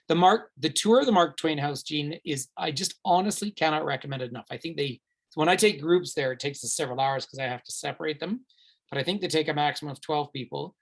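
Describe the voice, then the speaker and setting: Chatty, rambling tour guide man. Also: on the high side. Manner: rambling, chatty, many fillers and restarts; enthusiastic, recommends warmly. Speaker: tour guide hosting a virtual tour. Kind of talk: live Q&A, answering viewer questions.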